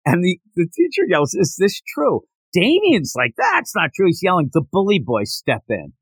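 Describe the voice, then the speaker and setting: Man podcast host, lively and fairly high voice, dry close sound, acts out scenes as he retells them. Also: slightly rough, no room sound. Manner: animated, acts out character lines in quick voices. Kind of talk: casual chat recapping a manga chapter.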